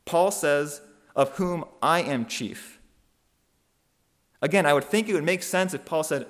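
A man preaches a sermon in a thoughtful, measured way, often restarting phrases and slowing down to stress a point. His voice is a little high, with lively intonation.

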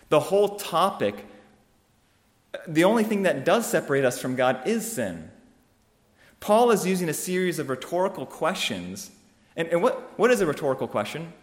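A man preaching a sermon, emphatic and driving his points home with rhetorical questions that build to loud peaks. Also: fairly high pitch. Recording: long reverb of a hall.

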